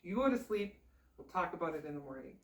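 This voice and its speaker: A woman voicing a calm, capable frog princess who soothes her husband with unbothered confidence. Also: fairly low pitch, fast, echoey room, far from the mic, natural voice. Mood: reassuring.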